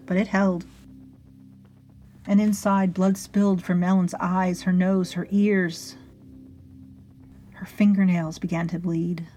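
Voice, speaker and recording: A woman narrating a story in a measured, dryly amused way. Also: medium pitch, dark tone. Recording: faint music behind.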